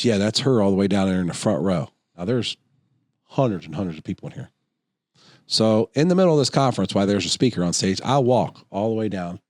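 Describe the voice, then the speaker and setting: A middle-aged podcast co-host with a fairly low voice tells stories in an easy, conversational way. He jumps into other people's voices as he goes, with lots of energy. The recording is close and dry. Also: no echo. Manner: animated storyteller, acts out voices in anecdotes. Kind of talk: casual storytelling chat.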